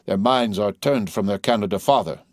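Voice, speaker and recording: A man voicing a crafty, persuasive male war chief who speaks in slow, measured, flattering oratory. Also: lowish voice, no room sound, studio quality, close to an everyday voice.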